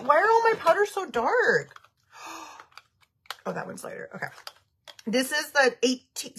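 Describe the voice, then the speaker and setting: A woman's voice: medium pitch, a bit bright, slight background noise. A woman in her thirties chatting casually on a makeup livestream, giggling often and reading viewer comments aloud. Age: 30s.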